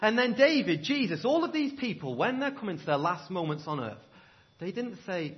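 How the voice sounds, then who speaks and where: Impassioned male preacher, swinging loud to hushed. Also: sits high, very animated, fairly quick, lo-fi sound. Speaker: pastor. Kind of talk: sermon. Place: church.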